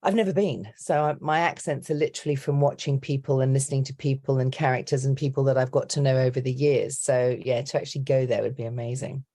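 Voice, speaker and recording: A middle-aged woman, a coach, chatting on a podcast in a lively storytelling way. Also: a bass voice, quick pace, few pauses. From Britain. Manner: chatty, animated storyteller who slips into accent impressions. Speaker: accent and dialect coach, guest. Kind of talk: casual podcast chat.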